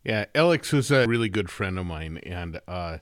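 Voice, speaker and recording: A man hosting a podcast interview, asking questions and adding relaxed, joking asides. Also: deep voice, moderate pace, no room sound, studio quality. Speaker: podcast host. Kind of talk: conversational interview.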